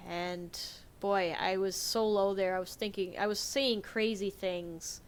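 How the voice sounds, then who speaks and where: A woman's voice: medium pitch, steady tone, a little slow, clean tone. Candid young woman retelling a hard time. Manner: candid, emotional retelling with many fillers and self-corrections. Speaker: vlogger. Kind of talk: casual personal storytelling.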